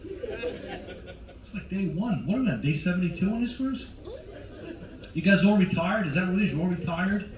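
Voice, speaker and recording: A man's voice: high-pitched, expressive, a little fast, reverberant, distant mic, noisy background. A man in his forties doing stand-up on a cruise ship, brashly teasing the live audience. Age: 40s. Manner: brash, teasing, talks to the crowd. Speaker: stand-up comedian. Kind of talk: stand-up comedy with crowd work.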